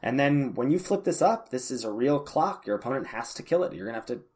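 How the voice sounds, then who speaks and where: A man's voice: mid-range voice, animated, fast talker, a little mellow, slightly rough. A male podcast co-host with a mid-range voice who argues his side with skeptical conviction. He often stumbles and restarts his sentences as he talks things through. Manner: hesitant restarts, skeptical and argumentative. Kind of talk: casual chat about card-game strategy.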